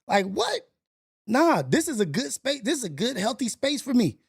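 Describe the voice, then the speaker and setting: Forty-something male streamer, animated and gravelly, loose casual chat. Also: extremely high pitch, normal speed. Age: 40s. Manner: animated, swearing, laughing, exaggerated reactions. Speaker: livestream host.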